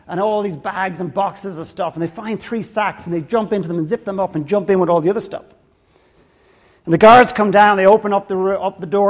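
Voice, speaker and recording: An Irish man tells a long joke from the stage at a gala dinner, with a high voice and brisk delivery. He rambles and restarts words, poking fun at himself as he goes. He tells it as a story for the room. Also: long reverb tail. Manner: rambling, self-deprecating, restarts words often. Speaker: guest speaker at a fundraising gala.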